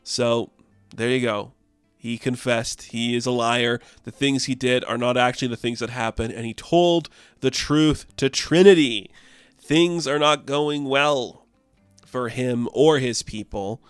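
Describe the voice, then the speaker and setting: A man giving a casual comic book recap in a rambling way, full of "like" and quick asides. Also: medium pitch, smooth, dry recording, soft background music. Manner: rambling, filled with "like".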